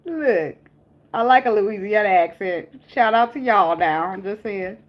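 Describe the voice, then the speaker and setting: A woman's voice: medium pitch, animated, a little slow, lo-fi sound. Blunt, profane young woman tarot reader. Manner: blunt, profane and chatty, laughing often. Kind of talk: casual live tarot reading.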